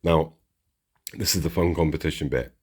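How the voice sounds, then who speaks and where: A man's voice: a bass voice, moderate pace, husky. A man chatting casually and rambling as he unboxes and shows off model trains for his channel. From United Kingdom. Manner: chatty and rambling, restarts sentences. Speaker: model railway channel host. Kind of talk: casual chat while unboxing.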